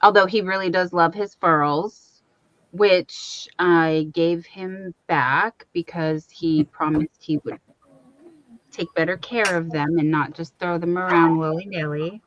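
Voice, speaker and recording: A woman's voice: lowish voice, steady tone, slow, a bit bright, muffled recording, a little hiss or hum. A woman hosting a crochet livestream from her home, chatting casually and reading out viewer comments. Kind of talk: casual chat to a live audience.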